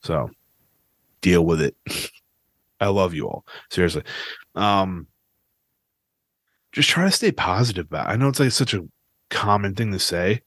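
A man's voice: sits low, sing-song, a little slow, long pauses, a bit bright, breathy edge, dry recording, studio quality. Profane ranting podcast host, man. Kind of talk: casual podcast rant.

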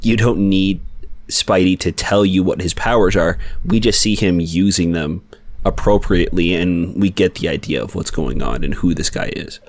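Male co-host, very low voice, hesitant and halting delivery, casual podcast talk. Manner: hesitant, many fillers and restarts. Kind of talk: casual chat about comics.

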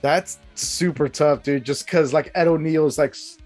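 A man's voice: a little high, fairly even intonation, normal speed, a little mellow, soft background music. A man in his thirties co-hosting a casual podcast, talking eagerly in rambling bursts with restarts and swearing. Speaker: podcast co-host. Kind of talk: casual chat about sitcoms.

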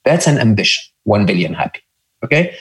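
A man's voice: brisk, poor audio. Earnest man with a foreign accent. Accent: non-native English accent. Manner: earnest and emphatic, frequent checking "okay?" and "hmm?"; lively swings in pitch when stressing points. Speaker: podcast guest. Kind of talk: conversational interview.

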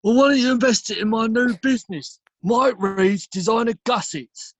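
A man voicing a cheeky con-man who gives life tips and pitches a business. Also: normal speed, no room sound. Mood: salesy. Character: cheeky male con-man Mike Reed giving tips.

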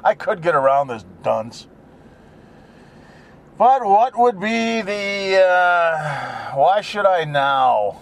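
A man's voice: high voice, sing-song, drawn-out words. A middle-aged man chatting casually while driving, rambling from topic to topic and grumbling at other drivers. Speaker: vlogger. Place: in a car.

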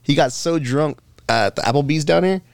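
A man's voice: on the high side, creaky, dry recording, clean studio sound. A man in casual podcast chat, telling stories with lots of swearing. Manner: fast, profane, storytelling.

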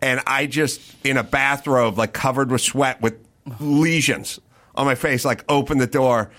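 A bright, forceful-sounding man hosting a casual podcast. He tells stories with profanity and plenty of animation. He acts out everyone's lines in his own voice. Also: medium pitch, unhurried. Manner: profane, animated anecdote with acted-out quotes. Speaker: podcast host. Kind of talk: casual storytelling chat.

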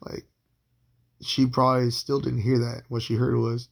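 Gravelly, husky man in his thirties rambling. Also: mid-range voice, little pitch movement, brisk. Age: 30s. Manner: profane, rambling, with frequent fillers and restarts. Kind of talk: casual storytelling monologue.

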